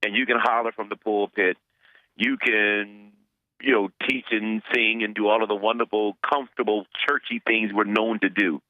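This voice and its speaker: A man's voice: lowish voice, steady tone, moderate pace, dry recording, highs cut off. A man, a pastor, answering interview questions earnestly, often repeating words as he searches for them.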